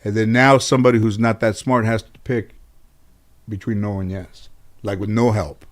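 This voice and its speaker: A middle-aged man from the Los Angeles area telling stories as a guest in an interview, animated and profane, laughing at his own tales. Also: on the low side, moderate pace. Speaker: guest comedian. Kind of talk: casual storytelling in interview.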